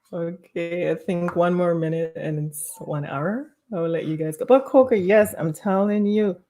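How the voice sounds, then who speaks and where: A woman's voice: lowish voice, very animated, measured pace, warm tone. A woman hosting a casual live stream from home, reading viewer comments aloud and laughing often. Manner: laughs often, bubbly and chatty.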